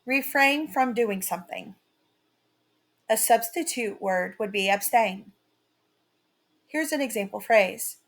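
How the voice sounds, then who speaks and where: A woman teaching a writing lesson in a slow, carefully read-out, scripted delivery. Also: a little high, expressive.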